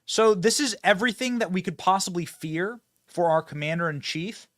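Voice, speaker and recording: A man hosting a political commentary show, talking in an animated, sarcastic, chatty way. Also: sits high, moderate pace, dry recording, clean studio sound. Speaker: host.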